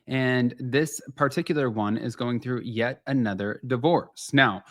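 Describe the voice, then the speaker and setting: A man hosting a casual celebrity gossip show, chatty and animated, talking straight to his viewers in a slightly nasal voice. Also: mid-range voice, unhurried, no room sound, clean studio sound. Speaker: host.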